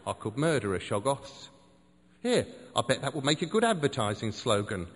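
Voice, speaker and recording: A man voicing a small, frog-like pub regular who is loud and exasperated and keeps repeating himself. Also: mid-range voice, sing-song, moderate pace, slightly rough, big-room sound. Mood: irritated.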